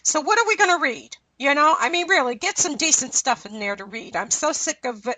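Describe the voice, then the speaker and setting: A middle-aged woman hosts a radio show, rambling along in lively, chatty asides. Her voice is high and bright, and it sits close and dry in the recording. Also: fairly quick, dry recording. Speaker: radio host. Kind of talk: casual radio chat.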